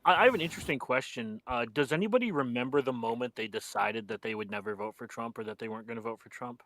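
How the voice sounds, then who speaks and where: A man's voice: medium pitch, fast talker, fairly bright tone. An easygoing man who is a guest in a casual group chat and asks the others questions.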